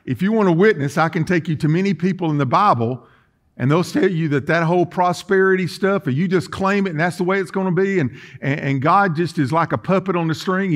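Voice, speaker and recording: A man preaching a sermon in a church, folksy and emphatic, swinging between quiet and loud. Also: high-pitched. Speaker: pastor. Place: church sanctuary.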